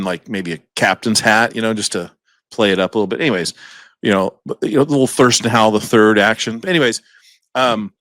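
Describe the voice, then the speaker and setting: A man's voice: lowish voice, a bit bright, dry recording, clean studio sound. A man co-hosting a podcast, telling a rambling story in a casual chat, chuckling often and acting out the voices of the people in it. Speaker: podcast co-host.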